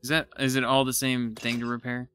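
A gaming YouTuber gives casual let's-play commentary, excitedly thinking aloud as he explores and occasionally poking fun at himself. His voice is medium-pitched and brisk, with faint music behind it.

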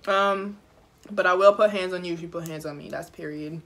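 A woman's voice: fairly low pitch, fairly even intonation, brisk. A young woman vlogger telling a storytime while eating, chatty, slangy and profane, talking straight to her viewers. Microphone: phone camera.

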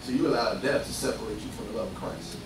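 A man preaching a sermon, animated and lively, swinging from loud bursts to hushed asides. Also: medium pitch, fast, background noise. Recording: echoey room picked up from far off, faint ambience.

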